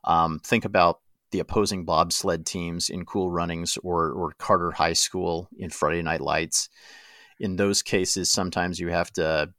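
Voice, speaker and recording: A man's voice: deep voice, a bit bright, dry recording, clean studio sound. A man co-hosting a sports podcast in casual chat, playful and speculative, often laughing at his own ideas. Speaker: podcast co-host.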